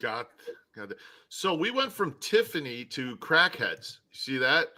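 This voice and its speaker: Male co-host, relaxed joker, bright and a bit high. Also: measured pace. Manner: relaxed, joking, reads out viewer comments. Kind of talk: casual chat.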